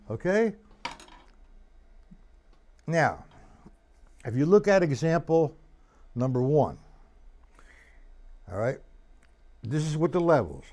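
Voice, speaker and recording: A man teaching a drum lesson on a live stream, loudly calling out strokes and counts and talking casually to a student in between. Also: fairly high pitch.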